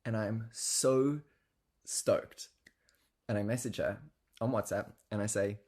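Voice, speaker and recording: Male guest, lowish pitch, loose and chatty storyteller, filler-heavy, laughs mid-sentence. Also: steady tone, takes it slowly, pauses often, a little mellow. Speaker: guest telling an anecdote. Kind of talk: casual storytelling.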